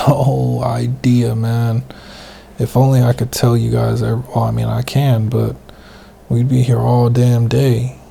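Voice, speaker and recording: Gravelly low-voiced man telling stories. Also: a little hiss or hum. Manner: loose, profane, rambling; speaking softly, half-whispered. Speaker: podcast host. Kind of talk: casual storytelling monologue.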